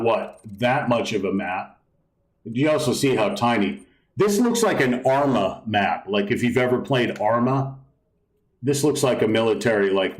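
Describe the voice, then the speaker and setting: A man with a medium-pitched voice streams a video game live, rambling casually, reading on-screen text aloud and swearing now and then. The audio is poor and reverberant.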